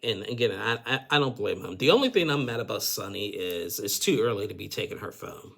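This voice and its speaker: A man's voice: fairly low pitch, lively intonation, fairly quick, vocal fry, fairly bright tone. A man giving a casual, rambling recap of a reality show, full of filler phrases. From United States. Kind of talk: casual commentary.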